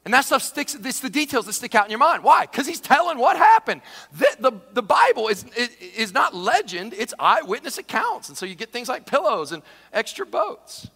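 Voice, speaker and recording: Animated preacher man in a reverberant hall. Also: very high voice, normal speed, breathy edge. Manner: animated preacher, shouts dramatized quotes, then drops to a hush. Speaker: pastor. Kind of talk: sermon.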